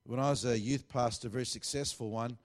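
A man's voice: medium pitch, fairly even intonation, fast talker. A middle-aged man, preaching a sermon as a pastor and telling a story with lots of quoted dialogue. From Australia.

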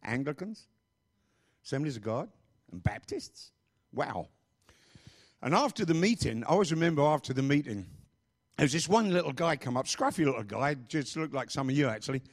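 Lively-voiced preacher man. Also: mid-range voice, normal speed, long pauses. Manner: emphatic, repeats phrases, rambling asides. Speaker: pastor. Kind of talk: sermon.

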